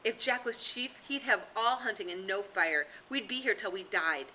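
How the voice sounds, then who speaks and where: A woman voicing an anxious, fussy schoolboy with glasses who pleads and frets, his voice rising toward a squeak. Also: normal speed, bright, forceful tone, slight background noise, close to an everyday voice, low-quality recording. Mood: insistent.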